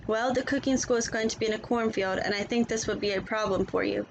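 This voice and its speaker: A woman voicing a gentle, polite male Canada goose in a storybook read-aloud. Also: medium pitch, fairly even intonation, fast talker, vocal fry, a little hiss or hum, lightly acted, low-quality recording. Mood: kindly. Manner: kindly, courteous.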